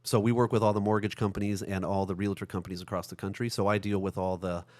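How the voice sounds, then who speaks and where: Animated storytelling man, quick and laughing. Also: on the low side. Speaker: podcast guest. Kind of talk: casual conversation.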